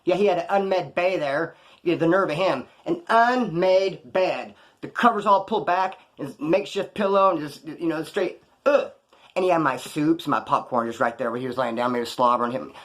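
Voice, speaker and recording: Man, fast-talking, animated, slangy, telling stories to camera. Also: fairly high pitch. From California. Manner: slangy, animated, acts out other people's lines. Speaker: vlogger telling prison stories. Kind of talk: casual storytelling to camera.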